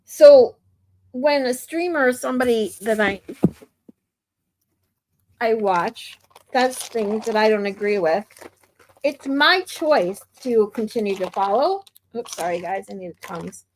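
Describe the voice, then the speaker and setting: A woman's voice: on the high side, animated, takes it slowly, long pauses, a little mellow. A woman streamer from the United States giving blunt, opinionated commentary in a casual ranting manner.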